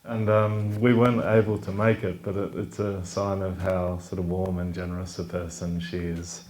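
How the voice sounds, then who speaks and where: Relaxed man with a low voice. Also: normal speed. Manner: relaxed, hesitant, with many fillers. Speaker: event presenter. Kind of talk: casual speech introducing a talk.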